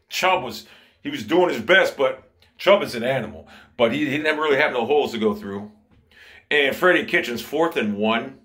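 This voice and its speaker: A man's voice: medium pitch, fairly bright tone. A man from Ohio ranting angrily and profanely about his football team. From Ohio, USA. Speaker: sports commentator. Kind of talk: angry fan rant.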